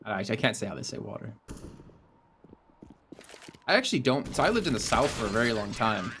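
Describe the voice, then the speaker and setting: A man's voice: medium pitch, very animated, brisk, fairly bright tone, slight background noise. A man commentating an esports match, with dry, teasing banter between calls. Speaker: esports caster.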